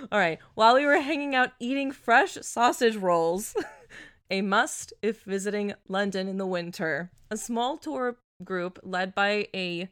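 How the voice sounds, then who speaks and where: A woman's voice: medium pitch, takes it slowly, a bit bright, clear, resonant tone, no room sound. Dry-sounding woman reading, giggling often. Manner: laughs often, breaks up mid-sentence while reading. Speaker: podcast co-host reading a listener story. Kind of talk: casual chat and story reading.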